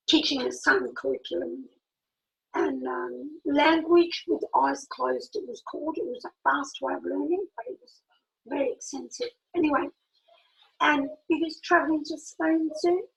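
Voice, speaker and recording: A middle-aged woman telling a personal story in a lively, animated way, acting out the dialogue as she goes. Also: sits high, moderate pace, creaky, poor audio. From Italy. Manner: animated, acts out quoted dialogue, laughs often. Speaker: speaker.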